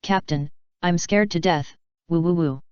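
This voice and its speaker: A woman voicing a timid, whiny young male pirate in an audiobook, read in a plain, even way. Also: on the low side, a little slow, clear, resonant tone, no room sound, close to an everyday voice. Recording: dull dry lo-fi audio.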